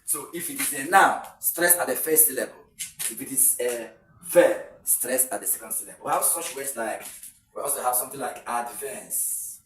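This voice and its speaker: A man's voice: mid-range voice, moderate pace, fairly bright tone, recorded from a distance, a little hiss or hum. Man teaching word stress. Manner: repeats words with shifted stress, gives example sentences. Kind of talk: exam-prep English lesson. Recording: echoey room, voice away from the mic.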